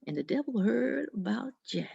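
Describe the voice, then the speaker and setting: A woman telling a folk tale in an expressive, dramatic storytelling manner. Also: a little high, moderate pace, creaky, husky. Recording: dull lo-fi recording.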